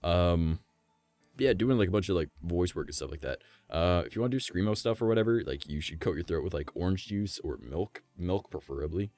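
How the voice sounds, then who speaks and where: A man streaming from home, chatting casually with a gravelly, vibrating voice, rambling and swearing. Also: low-pitched, lively intonation, fairly quick, a little mellow, no room sound. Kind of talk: casual live-stream chat.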